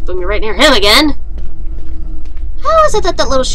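A woman's voice: a little high, big pitch swings, brisk, long pauses, very noisy. A young woman playing a horror game on her channel, panicking, swearing and shrieking at what chases her. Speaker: gaming YouTuber. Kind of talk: horror game let's play commentary.

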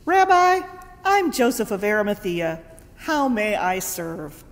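A woman voicing a courteous aristocratic man who speaks in a measured way, in a long church reverb. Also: medium pitch, sing-song.

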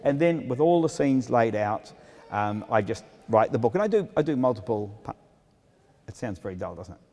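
Middle-aged man, author talk, wry self-mocking storyteller, lively swinging pitch, long reverb of a hall. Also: normal speed. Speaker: author giving a library talk. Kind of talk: humorous public talk to an audience. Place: talk room with an audience.

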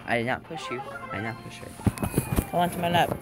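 A young man casually commenting on his own game, joking and shouting at teammates. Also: mid-range voice, fast talker. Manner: excitable, jokey, shouts at teammates. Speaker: gameplay commentator. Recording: game music behind.

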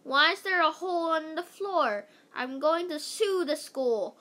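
A woman voicing an angry grown woman who is stuck down a hole and shouts her lines in a storybook read-aloud. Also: high voice, animated, slow pace, voice pushed up, heavily acted. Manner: raised, shouting delivery.

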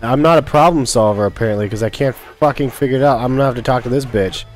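A man's voice: medium pitch, fast, soft background music. A man doing let's play commentary on a video game, frustrated and angry, swearing constantly. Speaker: gamer playing a video game.

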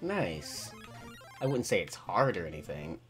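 An excitable man narrates his own gameplay, his pitch leaping high and dropping low as he reacts. He talks to himself in a slow, drawn-out way between outbursts. Faint music plays underneath. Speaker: gaming channel host. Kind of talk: let's play commentary.

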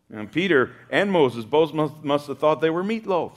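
A male pastor preaching a sermon, lively and humorous, acting out the voices of the people he quotes. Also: on the high side, moderate pace, hardly any pauses.

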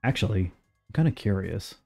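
Mellow-voiced young man streaming a game. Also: lowish voice, brisk, gravelly, faint music behind. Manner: chatty and rambling, with sudden excited outbursts. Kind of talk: casual live gameplay commentary.

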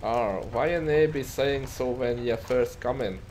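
A man's voice: sits high, huge pitch swings, normal speed, darkish tone, slight background noise, voice pushed up. An impatient, grumpy scholar who runs a shop, as a man puts him on, talking in a raised voice with broken grammar and a wavering foreign accent.

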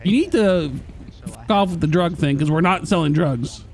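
A man's voice: normal speed, a little hiss or hum. A man in a casual game roleplay chat, talking in a playfully indignant way. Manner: high-pitched, animated, playfully indignant. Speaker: roleplay player running a coffee shop.

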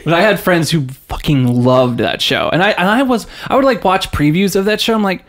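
Chatty host with lively storytelling. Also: male voice, high voice, brisk. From American South. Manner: animated storyteller, jumps into mock voices, swears. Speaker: podcast host. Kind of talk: casual podcast chat.

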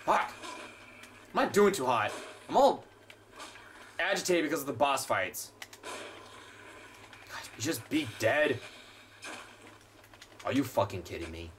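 A man's voice: mid-range voice, very animated, slow pace, pauses often, a bit bright, a little hiss or hum. A man playing a horror game and commenting as he plays, swearing and ranting at the enemies. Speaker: gameplay streamer. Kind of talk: let's play commentary.

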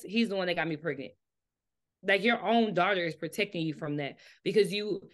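A woman hosting a casual book chat, retelling scenes in a lively way and then reasoning through them thoughtfully. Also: medium pitch. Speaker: book discussion host.

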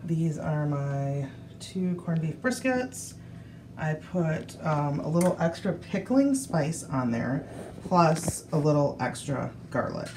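A woman's voice: deep voice, sing-song, slow pace, background noise. A woman hosting a casual cooking vlog, chatting in a rambling way with fillers and asides. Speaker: cooking vlogger. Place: car, then home kitchen.

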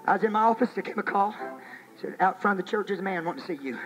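A man preaching a sermon in a church, telling a story and then rising to shouted exhortation, in an archival 1980s recording. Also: high voice, expressive, very fast, faint music behind, low-quality recording.

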